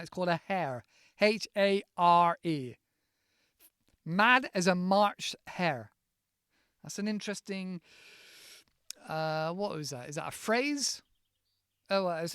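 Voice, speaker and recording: Relaxed man spelling out words. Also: high-pitched, clean tone, dry recording, clean studio sound. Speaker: podcast host teaching English vocabulary. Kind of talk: casual spoken vocabulary lesson. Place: countryside home.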